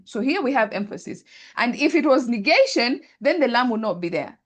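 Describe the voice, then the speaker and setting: A woman's voice: fairly high pitch, big pitch swings, fairly quick. A woman teaching Arabic grammar in an online class, thinking aloud and often checking that students follow. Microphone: video call.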